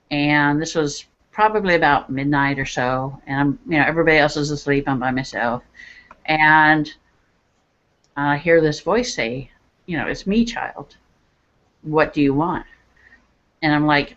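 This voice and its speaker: A middle-aged woman, a psychic medium, telling her personal story as an interview guest and acting out the voices of people in it. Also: low-pitched. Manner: animated, acts out voices in her stories. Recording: dull lo-fi radio audio.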